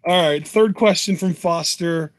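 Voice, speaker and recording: A man's voice: sits high, measured pace, dry recording. A young man co-hosting a casual podcast, teasing his partner and reading out listener questions. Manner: animated, teasing, laughs a lot. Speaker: co-host.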